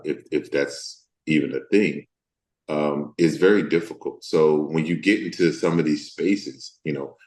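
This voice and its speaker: Very deep-voiced man in a roomy echo. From Deep South of the US. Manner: thoughtful, halting, many fillers. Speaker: actor, interview guest. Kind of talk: candid interview conversation.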